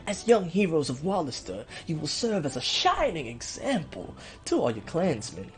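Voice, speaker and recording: A man doing a twangy, weaselly duke. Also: on the high side. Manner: formal, drawn-out courtly speech. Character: pompous scheming middle-aged duke, weaselly. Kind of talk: let's play voice acting.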